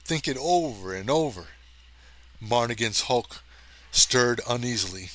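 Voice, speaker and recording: A man reading a science fiction story aloud as narrator, steady and even. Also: medium pitch, moderate pace. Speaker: audiobook reader. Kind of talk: scripted narration.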